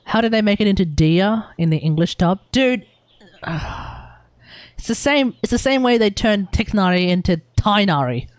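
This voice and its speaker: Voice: medium pitch, lively intonation, normal speed, dry recording. A young adult with an Australian accent, chatting casually on a game live stream, rambling, swearing freely and restarting sentences.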